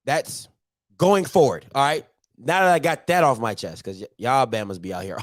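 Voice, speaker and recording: A man's voice: medium pitch, normal speed, no room sound, studio quality. A man hosting a casual football recap, ranting and talking straight to his viewers. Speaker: sports show host.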